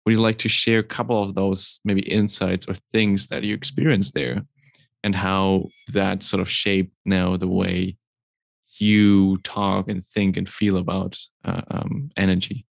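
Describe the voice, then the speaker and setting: A man hosting an interview, asking a long question slowly and hesitantly. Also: sits low, level tone, vocal fry, no echo, studio quality. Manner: slow, hesitant phrasing with fillers. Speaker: podcast host.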